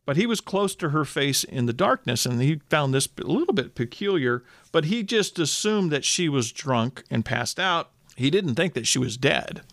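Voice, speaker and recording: A man's voice: on the high side, sing-song, moderate pace, hardly any pauses, a bit bright, no echo, studio quality. A man hosting a podcast, telling a history story in a conversational way with casual asides and fillers.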